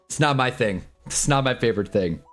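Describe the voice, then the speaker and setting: A man's voice: medium pitch, animated, fairly quick, faint music behind. A man in his twenties ranting casually on a livestream, rambling and joking with frequent laughs. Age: 20s. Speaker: livestream host.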